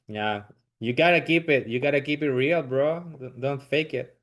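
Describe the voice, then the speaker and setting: A man's voice: fairly high pitch, measured pace, a bit bright. A man from southern Chile with a Chilean accent, speaking English as a second language, chatting loosely as a comedian guest on a podcast. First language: Spanish. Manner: easygoing, laughs readily, loose and informal. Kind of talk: casual podcast chat.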